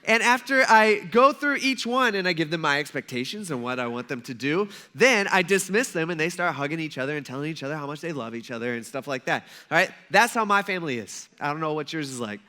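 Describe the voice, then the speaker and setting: A man's voice: on the high side, animated, fast talker, hardly any pauses, pushed and bright. A man in his thirties giving a sermon as a pastor, telling jokes and stories about his own family. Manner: joking, self-mocking storytelling. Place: church sanctuary.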